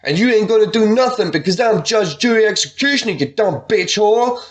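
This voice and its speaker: A man voicing a boastful, swaggering armed male thug who yells threats. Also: sits high, animated, normal speed, voice pushed up. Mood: blustering. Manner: blustering, yelling threats.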